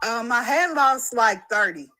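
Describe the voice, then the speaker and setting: Texan lady calling in, slow and unsure, bright voice. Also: on the high side, lively intonation, rough recording. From Houston, Texas. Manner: hesitant, soft, many fillers. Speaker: caller.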